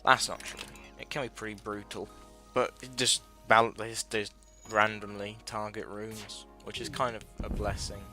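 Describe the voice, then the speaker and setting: A man with a very bright, sharp-edged voice chats loosely through a gameplay video. He swears freely, rambles, and corrects himself as he goes, with faint game music in the background. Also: fairly low pitch, flat delivery, moderate pace, few pauses. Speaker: gaming video host. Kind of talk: casual gameplay commentary.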